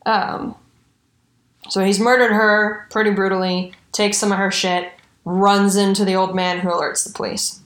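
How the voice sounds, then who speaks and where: A woman, mid-pitched, telling a grisly story on a casual podcast with animated, swearing delivery. Her voice sounds roomy and echoey, as if recorded in an untreated room. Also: normal speed. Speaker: podcast co-host. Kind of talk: casual true-crime podcast chat. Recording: roomy echo.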